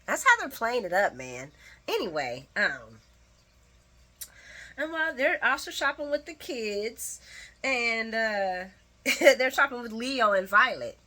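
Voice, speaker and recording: A chatty woman recaps a soap opera episode in a loose, casual way, throwing in sassy asides and laughing often. Her voice is bright and fairly high. Her pitch leaps up and down in a very animated way. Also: takes it slowly. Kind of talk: casual chat.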